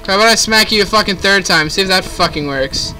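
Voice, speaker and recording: A man's voice: sits high, quick pace, sharp tone, low-quality recording. Swearing young man ranting over gameplay. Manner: frustrated, swearing, rambling rants. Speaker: gaming YouTuber. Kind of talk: horror game let's play commentary. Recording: game music playing underneath.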